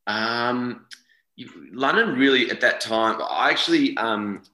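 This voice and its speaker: In a medium-pitched, sharp-toned voice, a forty-something Australian actor speaks a little slowly during a relaxed interview. He rambles, repeats words and keeps correcting himself, with poor audio from an echoey room.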